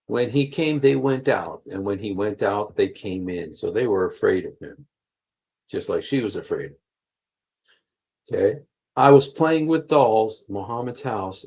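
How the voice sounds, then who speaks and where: A man on a computer mic leads a live stream, reading texts aloud and returning again and again to his points, with many fillers. His low, husky voice is a little mellow, and he talks slowly. The audio quality is poor.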